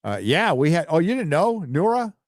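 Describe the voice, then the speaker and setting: A man's voice: a little high, very animated, normal speed, no echo. Male stream host, offhand and rambling, casual swearing, dry close sound. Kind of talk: casual live-stream chat, reading donations. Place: home studio.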